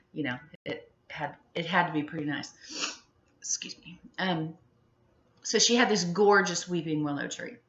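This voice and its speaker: A woman's voice: sits low, sharp tone. A middle-aged woman chatting in a loose, rambling vlog monologue, full of fillers and giggles. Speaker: vlogger. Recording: muffled, echoey room.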